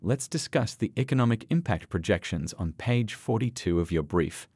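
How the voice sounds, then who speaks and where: A composed woman justice on the bench, questioning with cool precision and a steady, professional tone, as a male narrator reads her lines. The voice sits low and dry, with lively shifts in pitch. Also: slightly rough, dry recording. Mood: measured. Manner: measured, even and professional. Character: calm, precise female supreme court justice.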